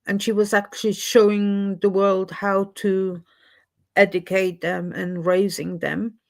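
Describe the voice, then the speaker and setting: A woman's voice: mid-range voice, little pitch movement, slow pace, creaky. A woman hosting a casual livestream chat, talking with many fillers and restarts. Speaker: livestream host. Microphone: computer mic on a livestream.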